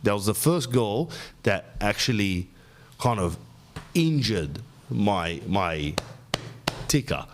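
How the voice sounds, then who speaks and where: A man's voice: on the low side, sing-song, takes it slowly, long pauses, noisy background. An Australian man hosting a podcast, telling stories in a rambling, slangy monologue. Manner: rambling, slangy storytelling, says bro often. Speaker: podcast host.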